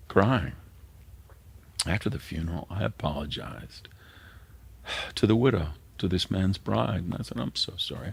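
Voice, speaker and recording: A man's voice: low voice, vocal fry, husky. A middle-aged man, a pastor preaching an earnest sermon that sometimes drops to a near whisper.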